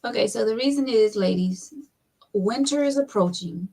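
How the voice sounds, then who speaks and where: A woman's voice: on the high side, normal speed, mellow, rough recording. A woman co-hosting a casual chat show, teasing and playful. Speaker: podcast co-host.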